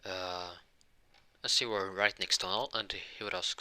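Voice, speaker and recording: A young man telling an improvised fan-fiction story, rambling and often stopping to correct himself. His voice is low and strikingly bright. It is recorded close and dry, with no room sound. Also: fairly even intonation, a little slow, clean tone, no echo. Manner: rambling, with many restarts and self-corrections.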